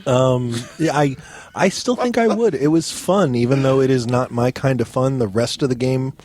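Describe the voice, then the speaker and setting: A man's voice: mid-range voice, moderate pace, a little mellow. A man co-hosting a party game podcast, chatting casually in a wry, hesitant way. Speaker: podcast co-host. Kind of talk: casual chat.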